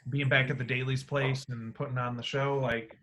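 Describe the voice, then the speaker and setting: A man hosting a casual podcast, talking in an animated way with free swearing, his voice swinging between loud and quiet. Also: mid-range voice, moderate pace. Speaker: podcast host.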